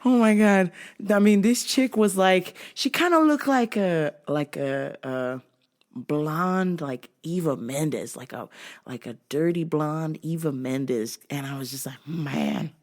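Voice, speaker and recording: A woman's voice: low-pitched, a little slow, a little mellow. A woman hosting her own show, telling a story casually, laughing often and acting out what people said. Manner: laughs often, acts out quotes. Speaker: podcast host.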